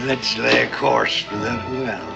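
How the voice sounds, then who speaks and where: A grizzled old sea captain. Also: male voice, mid-range voice, gravelly, muffled recording, heavily acted. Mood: scheming. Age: older. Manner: salty sailor talk, boisterous and cajoling.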